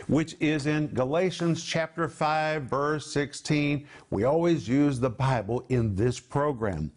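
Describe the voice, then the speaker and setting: A middle-aged man giving an emphatic, measured televised Bible teaching. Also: on the high side. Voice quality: emphatic, measured preaching delivery.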